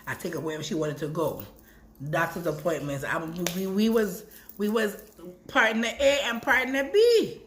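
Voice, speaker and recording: A woman vlogger talking casually and emotionally, rambling, repeating words and swinging between soft and loud. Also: low-pitched, slight background noise. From Brooklyn. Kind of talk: casual emotional vlog talk.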